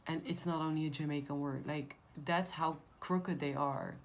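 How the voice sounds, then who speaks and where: A woman with a somewhat low voice talks straight to her viewers as she reads tarot cards. She is blunt and emphatic and swears freely in a casual tone. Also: steady tone, moderate pace, a little hiss or hum. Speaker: tarot reader. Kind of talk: casual tarot reading to camera.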